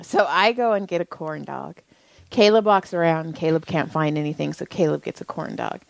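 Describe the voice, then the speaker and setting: A woman's voice: low-pitched, normal speed, creaky, no echo, poor audio. A woman in her thirties co-hosting a podcast, telling a family story in casual chat, laughing often and acting out the voices of the people she quotes. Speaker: podcast co-host.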